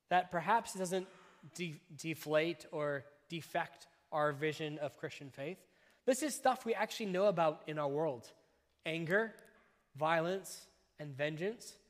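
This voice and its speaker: A man's voice: on the high side, a bit bright. Male pastor preaching in a reverberant hall. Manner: measured, emphatic delivery with phrase-by-phrase pauses. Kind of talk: sermon. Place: church. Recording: long reverb of a church hall.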